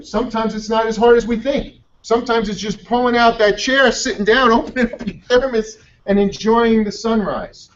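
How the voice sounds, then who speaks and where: Energetic, blunt male motivational speaker, high voice, distant and muffled. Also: normal speed, few pauses. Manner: energetic, blunt, swears freely. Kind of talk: motivational storytelling talk.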